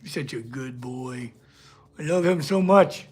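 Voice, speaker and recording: A man's voice: mid-range voice, animated, unhurried, husky. A man hosting a casual livestream from his workshop, chatting with viewers and talking to his dog. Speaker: blacksmith livestream host.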